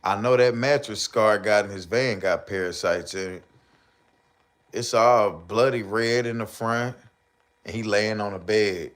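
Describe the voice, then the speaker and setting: A man with commentating a live stream, ranting and joking loudly with slang and mocking put-on voices. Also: on the low side, expressive, slow. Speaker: streamer reacting to videos.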